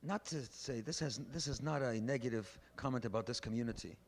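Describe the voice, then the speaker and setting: A man's voice: medium pitch, brisk. A man preaching as a rabbi, telling a story and pushing his points with emphatic, preachy bursts. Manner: emphatic, preachy, builds to loud exhortations. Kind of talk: sermon with storytelling. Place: large synagogue hall. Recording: faint background noise, archival event recording.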